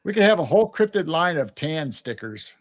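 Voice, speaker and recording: A man's voice: fairly high pitch, sing-song, fairly quick. Rambling, playful Midwestern man. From Midwestern United States. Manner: rambling, playful, repeats words while thinking. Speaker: co-host of a live chat stream. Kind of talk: casual late-night chat.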